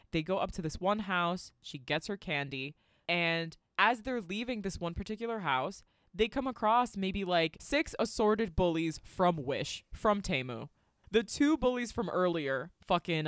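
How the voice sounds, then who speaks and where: A woman's voice: lowish voice, no echo, studio quality. A woman co-hosting a podcast, recapping a movie in a profane, sarcastic storytelling way. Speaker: podcast co-host.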